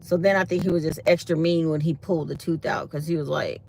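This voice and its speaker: A woman's voice: deep voice, fairly even intonation, fast talker, vocal fry, darkish tone. Fields: Sex: woman. Role: vlogger. Style: chatty casual storytelling to viewers. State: sore mouth after dental work. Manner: chatty storytelling, speaks her mind.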